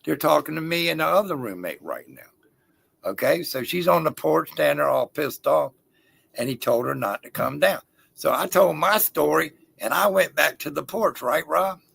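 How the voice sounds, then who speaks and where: A man's voice: fairly high pitch, expressive, normal speed, gravelly, a bit bright, breathy edge. A man in a casual chat, telling a crude, profane story in a rowdy way. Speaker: guest storyteller.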